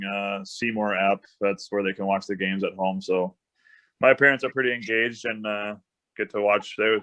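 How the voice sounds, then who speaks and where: A man's voice: on the low side, gravelly, a bit bright. A young American man, a hockey player, chatting easily as a guest with plenty of ums and uhs. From United States. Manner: easygoing, many ums and uhs. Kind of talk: casual interview chat. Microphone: video call. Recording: dull lo-fi video call audio.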